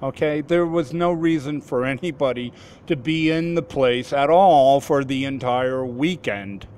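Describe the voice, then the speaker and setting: Slow, halting man in his fifties. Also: mid-range voice, darkish tone, slight background noise. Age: 50s. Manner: halting, with frequent restarts and repeated words. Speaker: formerly homeless man recounting an experience. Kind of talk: personal storytelling.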